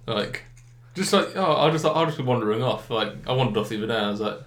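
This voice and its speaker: A man's voice: mid-range voice, animated, fast, a bit bright. Young guy rambling about games, says like a lot, echoey room. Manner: rambling, filler-heavy, enthusiastic. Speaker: gaming podcast co-host. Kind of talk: casual chat.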